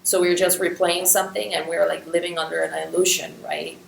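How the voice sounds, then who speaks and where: A woman's voice: on the low side, level tone, fairly quick, gravelly. A woman hosting an interview, talking reflectively and checking in with the guest often. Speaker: host and love coach. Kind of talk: casual interview talk. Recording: echoey room with faint background hum.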